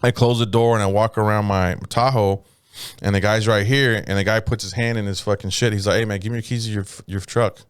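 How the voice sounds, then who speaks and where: A man's voice: fairly low pitch, brisk, clean tone, no echo, clean studio sound. A man casually retelling a story on a podcast, cursing freely and voicing the people in it. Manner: profane, animated retelling with voiced quotes. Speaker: podcast co-host.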